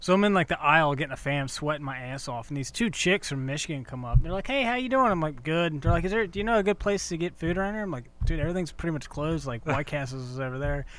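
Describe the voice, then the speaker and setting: A man, telling stories in casual chat as podcast co-host. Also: on the high side. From Kentucky. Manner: swearing, storytelling, quick and animated.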